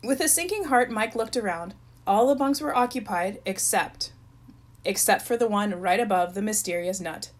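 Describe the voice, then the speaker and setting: A woman's voice: mid-range voice, moderate pace. Woman reading a children's storybook aloud. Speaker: narrator.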